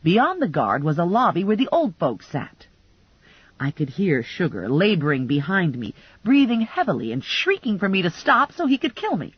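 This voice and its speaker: Female narrator, husky, dry close mic with dull lo-fi sound; wry, lively comic storytelling. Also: lowish voice, normal speed, no echo. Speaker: audiobook narrator. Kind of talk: first-person audiobook narration.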